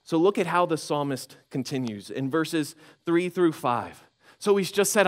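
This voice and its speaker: A man preaching a sermon as pastor, conversational and animated, acting out inner voices with frequent restarts. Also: fairly high pitch, a little slow. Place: church sanctuary.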